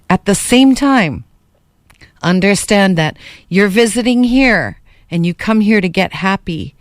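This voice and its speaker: Lady radio host, heartfelt, crisp dry studio mic. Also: mid-range voice, dry recording. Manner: passionate, heartfelt. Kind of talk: call-in radio talk.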